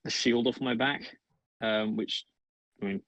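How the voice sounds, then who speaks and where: A man's voice: on the low side, steady tone, unhurried, a bit bright, dry recording. A man playing a tabletop game, talking casually and hesitantly with fillers. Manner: casual, hesitant, laughs often. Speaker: player. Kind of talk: tabletop role-play chat.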